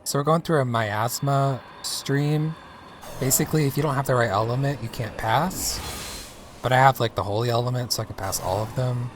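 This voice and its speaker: A man's voice: mid-range voice, normal speed, a little hiss or hum. A man from the American South, chatting casually with his chat while livestreaming a game. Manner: chatty, rambling, playful.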